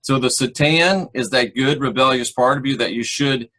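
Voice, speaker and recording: Emphatic preacher-like man, bright voice. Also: medium pitch. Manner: emphatic, drawn-out preacher delivery. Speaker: host and former minister. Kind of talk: monologue teaching.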